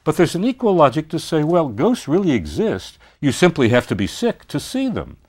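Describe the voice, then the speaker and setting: A man's voice: fairly high pitch, sing-song, moderate pace, a little mellow. A man giving a university literature lecture, speaking expressively and posing rhetorical questions.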